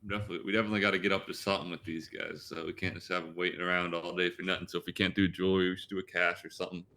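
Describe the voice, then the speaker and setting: A man's voice: low voice, little pitch movement, rapid-fire, sharp tone. A man in in-character roleplay, talking in a laid-back way with casual slang. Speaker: gang member in roleplay.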